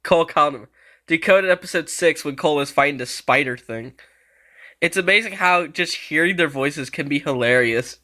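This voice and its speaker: A man chats through clips in a casual reaction video. His voice is bright and sits a little on the high side. He laughs often and swears freely. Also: moderate pace.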